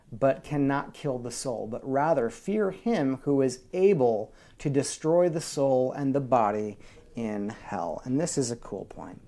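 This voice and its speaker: A male pastor in full sermon mode who speaks at a middle pitch. He drops to near-whispers and then builds to rousing shouts, calling out for amens. He keeps it conversational between scripture readings, with casual asides. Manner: animated preaching that swings from whispers to shouts; call-and-response with the congregation.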